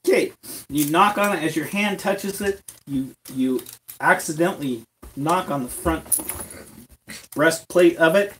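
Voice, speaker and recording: A man's voice: a little high, a bit bright. A man narrating a tabletop game as game master, correcting himself as he describes the scene. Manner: halting, self-correcting description. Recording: distant mic, faint background noise.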